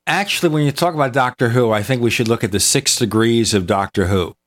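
A man's voice: medium pitch, quick pace, a bit bright. Chatty male talk-show host. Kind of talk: casual talk-show chat.

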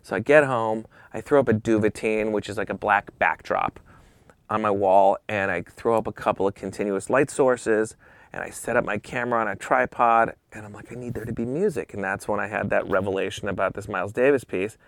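A man, a photographer and interview guest, telling an animated anecdote and acting out the dialogue. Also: fairly low pitch, a little fast, clean tone, dry recording. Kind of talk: anecdotal storytelling.

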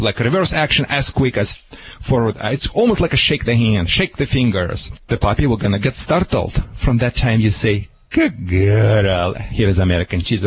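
A man from Russia with a Russian accent, a dog trainer giving animated, punchy advice on a radio show and repeating his key phrases. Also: mid-range voice, husky, rough recording. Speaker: dog trainer answering a caller. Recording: radio broadcast.

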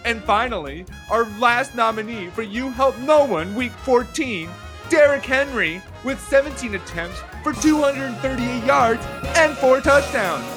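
A man's voice: extremely high pitch, lively intonation, music in the background, voice pushed up. A man putting on a pompous hoity-toity rich man's voice to announce nominees on a sports podcast. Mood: haughty. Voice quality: haughty, drawn-out delivery.

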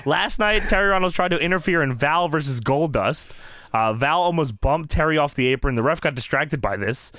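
A man co-hosting a casual podcast, recapping old wrestling and acting out the quotes in a low voice, laughing often. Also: fairly bright tone, dry recording, studio quality. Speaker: podcast co-host.

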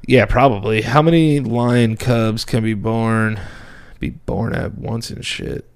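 A man's voice: lowish voice, slow, gravelly, a little hiss or hum. A young man co-hosting a podcast, trading crude jokes in casual banter. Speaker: podcast co-host. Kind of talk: casual chat.

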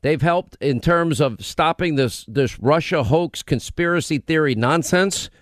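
A man's voice: fairly high pitch, unhurried, no echo, clean studio sound. A man hosting a political talk radio show, with a combative, run-on delivery. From United States.

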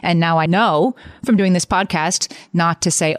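A woman's voice: fairly low pitch, normal speed, few pauses, dry recording. A woman co-hosting a podcast, talking in an earnest, chatty way. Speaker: podcast co-host. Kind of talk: casual chat.

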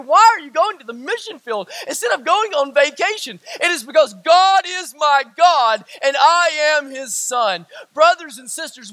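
A middle-aged male pastor preaching in a church, his voice unusually high and bright. He builds through emphatic, repeated lines and sinks low and hushed when he tells a story. The sound is dry and close. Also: dry recording. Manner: preaching with rising emphatic repetition; drops low and quiet for stories. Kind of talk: sermon.

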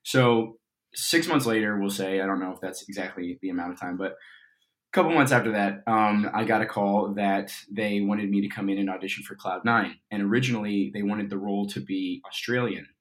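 A young actor from Colorado, appearing as a guest in a casual interview, tells a story in a fairly low voice at a fairly quick pace. He's a chatty, animated storyteller who uses lots of fillers.

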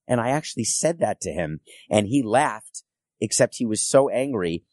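Low-voiced man hosting a sports podcast. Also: darkish tone, no room sound, studio quality. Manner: chatty storytelling with laughs and quick asides. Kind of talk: solo podcast monologue.

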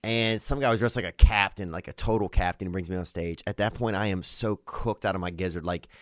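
Low-voiced man telling comedy stories. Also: fairly quick, no echo, studio quality. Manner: animated, slangy, peppered with "bro" and "dude". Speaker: comedian on a podcast. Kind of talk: comedic storytelling in casual chat. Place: podcast studio.

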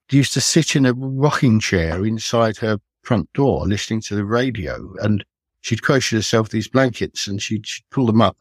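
An older man, a retired police detective, recounting his cases in an earnest, measured, reflective way as a guest on a podcast. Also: fairly low pitch, slightly rough, no room sound.

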